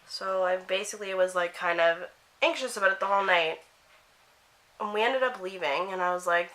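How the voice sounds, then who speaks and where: A teenage girl from Canada telling a get-ready-with-me story, animated and swearing while acting out what her friends said. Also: mid-range voice, moderate pace. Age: teens. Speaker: vlogger.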